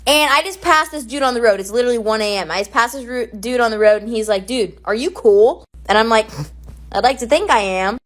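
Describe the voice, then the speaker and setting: A woman's voice: a little high, fast talker, a bit bright. A woman casually telling a funny personal story, quoting the people she met. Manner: chatty, quotes people in dialogue.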